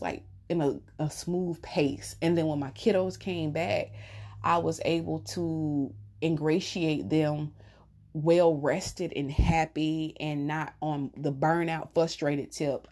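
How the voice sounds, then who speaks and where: Woman, low voice, middle-aged, chatty, storytelling vlog. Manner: chatty, warm storytelling with laughs. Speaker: vlogger. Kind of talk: casual chat to viewers.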